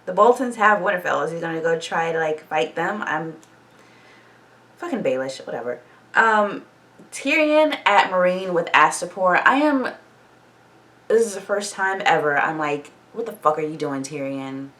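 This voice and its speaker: A woman with a low-pitched voice rambles through a TV episode recap in a casual reaction vlog. She is animated and swears freely. She sits a little back from the microphone. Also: normal speed, distant mic. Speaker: TV show reaction vlogger.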